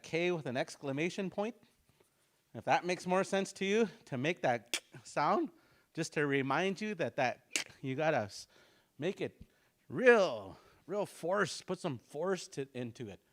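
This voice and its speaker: A man leads a language lesson with a somewhat high voice. He explains slowly and repeats each sound aloud so the class can practice. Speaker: language teacher.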